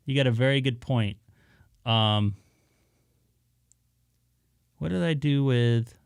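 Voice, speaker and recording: Easygoing male streamer, mid-pitched, crisp clear voice, rambling talk to his viewers. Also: takes it slowly, no echo, studio quality. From Southern California. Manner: rambling, many "uh" fillers, easygoing. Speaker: ham radio live streamer. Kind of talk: casual live-stream chat to viewers.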